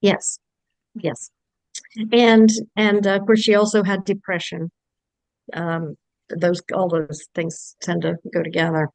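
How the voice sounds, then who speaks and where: A woman practitioner speaking on a panel, measured and hesitant. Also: on the low side, level tone, no room sound, poor audio. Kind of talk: casual panel conversation.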